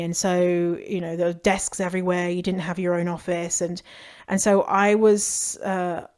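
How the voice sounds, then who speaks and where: A British woman hosting a podcast, giving casual advice in a frank, chatty way, swearing freely and laughing easily. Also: on the low side. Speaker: podcast host.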